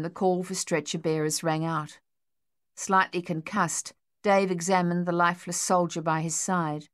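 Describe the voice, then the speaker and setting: A woman narrating an audiobook in a steady, measured storytelling voice. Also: lowish voice, no room sound, clean studio sound. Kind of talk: scripted narration.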